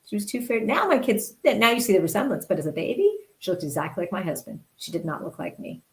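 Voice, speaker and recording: A woman's voice: mid-range voice, quick pace, vocal fry, low-quality recording. Earnest woman telling a story. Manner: earnest, restarts and repeats words. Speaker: interview guest, journalist. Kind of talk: candid personal storytelling.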